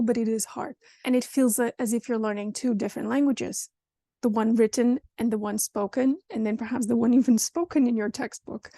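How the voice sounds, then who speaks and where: A woman's voice: on the high side, darkish tone, no echo. A woman from Portugal with a European Portuguese accent, explaining pronunciation directly to learners in a video language lesson. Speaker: language teacher.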